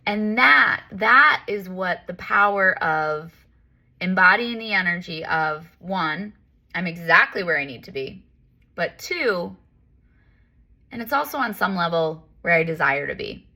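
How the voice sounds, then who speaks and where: Bright-voiced woman coach, candid and rambling. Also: on the low side, animated, a little slow, gravelly. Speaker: life coach and yoga teacher. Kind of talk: casual spiritual talk.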